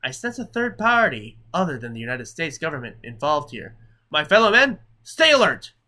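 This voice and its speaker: Man voicing a bossy village chief, loud, bright, proclaiming orders. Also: fairly high pitch, sing-song, normal speed. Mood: commanding. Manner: proclaiming, commanding. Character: stern male village chief issuing orders. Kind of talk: reading an in-game note aloud.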